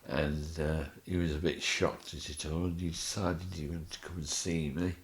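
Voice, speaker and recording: A man's voice: rumbling low, normal speed. A male guest on a podcast who tells funny stories, chuckling often as he talks. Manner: chuckling, animated storyteller. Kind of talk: anecdotal storytelling in a podcast interview.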